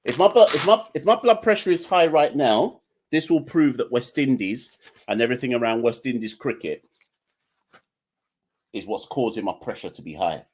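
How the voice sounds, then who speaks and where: Male podcast host, young adult, lively ranting delivery. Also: medium pitch, moderate pace, husky. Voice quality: animated, defiant, joking ranting. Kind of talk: live call-in show chat.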